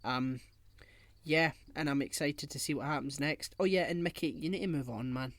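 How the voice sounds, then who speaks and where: A man's voice: fairly high pitch, normal speed, a bit bright, no echo. Jokey podcast guy, dry sound. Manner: jokey, rambling, laughs at own jokes. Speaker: podcast co-host. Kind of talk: casual chat.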